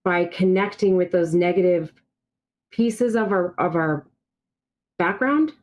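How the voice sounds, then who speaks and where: A woman's voice: lowish voice, takes it slowly, darkish tone, low-quality recording. A woman from Brazil, a native Portuguese speaker, speaking as a podcast guest over a video call and telling her personal story in a candid, reflective way. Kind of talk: casual podcast conversation.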